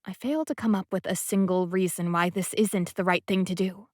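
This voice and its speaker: A woman narrating a first-person romance audiobook in a soft, intimate and often whispery voice. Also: mid-range voice, fairly even intonation, normal speed, no echo, studio quality.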